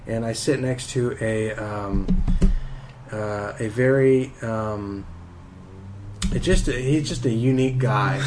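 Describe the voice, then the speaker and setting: A young man in casual podcast banter who rambles through his stories, circling back with lots of "like" and "um". His voice sits at an ordinary middle pitch, with a faint hum of room noise behind him. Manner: rambling storyteller, lots of fillers. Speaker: podcast host.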